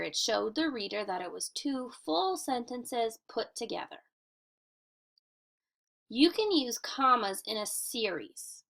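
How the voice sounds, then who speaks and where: A woman teacher giving a recorded grammar lesson for children, speaking clearly and deliberately and slowing down to model reading aloud. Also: fairly high pitch, fairly bright tone.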